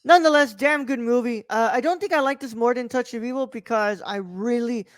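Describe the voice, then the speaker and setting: A woman's voice: a little high, brisk, dry recording. A woman co-hosting a podcast, chatting casually about a film in a loose way, with lots of fillers and the odd swear word. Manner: loose, profane, full of fillers. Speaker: podcast co-host. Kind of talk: casual movie review chat.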